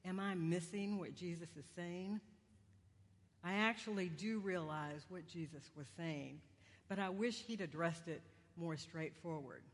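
A woman's voice: on the low side, unhurried. A woman preacher giving a sermon in a conversational, self-deprecating way, with wandering humorous asides. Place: church sanctuary. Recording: long church reverb.

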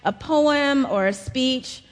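Slow-speaking woman preacher. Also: high voice, in a large hall. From South Carolina, US. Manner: slow, storytelling sermon delivery. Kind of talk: sermon. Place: large church.

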